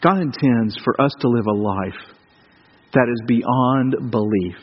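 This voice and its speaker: An American man preaching a sermon as pastor, conversational, with rhetorical questions and swings between loud and hushed delivery. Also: mid-range voice, slow pace, husky, long reverb tail, dull audio. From United States.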